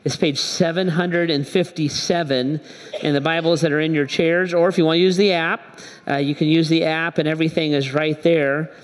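A man's voice: on the high side, fairly even intonation, normal speed, slight background noise. Pastor man with echoey hall sound. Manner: conversational storytelling, acts out dialogue. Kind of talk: sermon. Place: church hall.

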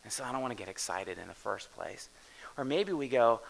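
A man in his thirties preaching a sermon in a casual, animated way, asking the listeners questions as he goes. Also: mid-range voice, a little fast, creaky, a little hiss or hum, rough recording. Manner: conversational, animated, talks straight to the listeners with questions. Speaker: pastor.

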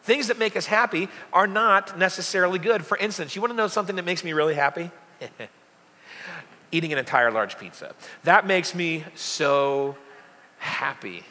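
A man's voice: sits high, animated, fairly quick, bright, forceful tone. A young adult man preaching a casual sermon, chatty and joking with lots of fillers. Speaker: pastor. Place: church hall. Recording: long hall reverb.

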